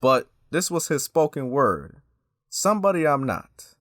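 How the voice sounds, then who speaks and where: A man's voice: a little high, sing-song, a little slow, fairly bright tone, no room sound, studio quality. A man giving casual, emphatic commentary as a YouTube host and talking straight to his viewers.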